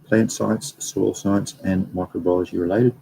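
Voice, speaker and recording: A man's voice: deep voice, fairly even intonation, moderate pace, gravelly, warm tone, slight background noise, low-quality recording. A young man hosting a casual livestream, rambling and reading out viewer comments. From Australia. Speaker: livestream host.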